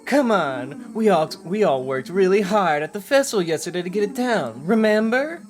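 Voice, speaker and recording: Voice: medium pitch, animated, normal speed, a little hiss or hum, close to an everyday voice. A player putting on cheerful girl Rena. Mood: eager. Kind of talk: reading visual novel lines aloud.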